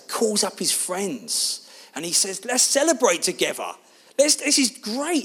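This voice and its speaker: A man preaching a sermon, telling a personal story in an animated, expressive way. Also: on the high side, breathy edge.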